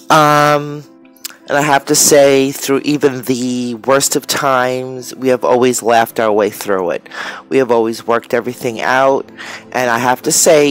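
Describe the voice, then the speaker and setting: A woman in her forties chatting casually and rambling a bit, with lots of fillers, as she shows her craft materials. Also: rumbling low. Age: 40s. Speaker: crafter vlogger. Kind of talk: casual chat while showing art materials.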